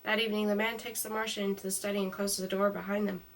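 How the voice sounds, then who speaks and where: A woman reading a storybook aloud in a calm, even way, her mic a little distant. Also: medium pitch, fast talker, a little hiss or hum.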